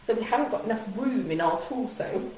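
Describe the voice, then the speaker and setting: A woman's voice: fairly high pitch, expressive, a little fast, a little mellow, distant mic. A woman speaking as a communication coach in a live talk to camera, chatty and encouraging, sometimes acting out anxious thoughts. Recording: echoey room with faint noise.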